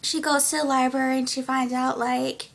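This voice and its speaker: A woman's voice: high-pitched, flat delivery, moderate pace, vocal fry, a bit bright. A teenage girl casually recapping a movie in a giggly, rambling way, full of "like". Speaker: vlogger.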